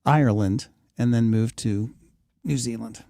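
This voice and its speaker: A man's voice: medium pitch, unhurried, creaky, warm tone, dry recording. A man co-hosting a radio talk show, chatting casually in a dry, matter-of-fact way and filling in facts. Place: radio studio.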